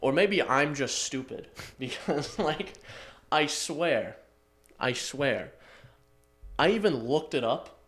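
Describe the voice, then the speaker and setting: A man's voice: on the high side, lively intonation, takes it slowly, fairly bright tone. A man co-hosting a podcast, chatting in an easygoing, self-deprecating way and laughing often. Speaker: podcast co-host. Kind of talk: casual chat.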